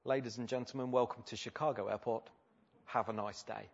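A composed male airline pilot delivers cabin announcements in a formal, level tone, as a preacher quotes him. His voice sits in an ordinary middle pitch. The recording is slightly dull and lo-fi. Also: steady tone, normal speed, natural voice. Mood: calm announcing.

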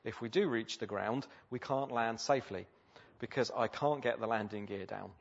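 A man voicing a calm male airline pilot making formal cabin announcements, on a slightly dull lo-fi recording. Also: on the low side, normal speed, vocal fry. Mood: calm announcing.

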